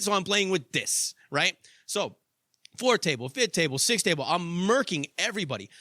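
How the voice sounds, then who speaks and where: Young male host, fairly high bright voice, dry close sound, animated storyteller who drops into low asides. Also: dry recording. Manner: animated, profane, swings from loud excitement to low asides. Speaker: podcast host. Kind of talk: casual storytelling monologue.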